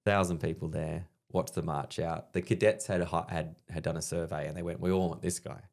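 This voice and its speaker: Aussie comedian bloke spinning sweary stories, real low voice with lots of fry. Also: male voice, brisk. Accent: Australian. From Australia. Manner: profane, animated anecdotes. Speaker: guest comedian. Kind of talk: casual storytelling chat.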